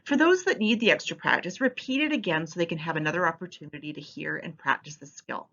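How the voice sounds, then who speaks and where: A woman teacher giving an instructional voice-over with a clear, expressive delivery. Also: sits low, fast. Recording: slightly muffled recording.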